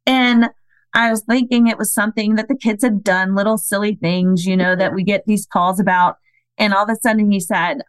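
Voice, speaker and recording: A woman's voice: medium pitch, steady tone, normal speed, clean tone, no echo, low-quality recording. A woman in her thirties, a podcast guest, telling a personal story in a casual, earnest way and acting out the people she quotes. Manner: earnest, acts out quoted dialogue.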